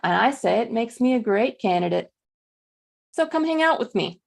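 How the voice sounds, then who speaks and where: Woman doing a worn-out toy doll, chipper, gravelly voice. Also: on the high side, lively intonation, normal speed. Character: battered, upbeat female toy doll. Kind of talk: improv comedy character. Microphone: video call.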